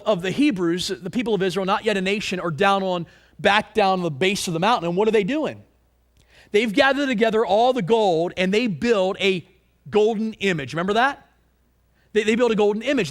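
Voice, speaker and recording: A man preaching a sermon in an animated way, asking the congregation rhetorical questions and often repeating words as he goes. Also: high voice.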